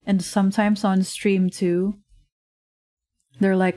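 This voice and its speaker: A woman's voice: on the low side, fairly even intonation, slow, long pauses, darkish tone, dry recording. A woman streamer chatting casually while she draws, rambling and full of fillers, laughing often, at a desk microphone in her home. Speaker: streamer and digital artist. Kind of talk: casual livestream chat while drawing.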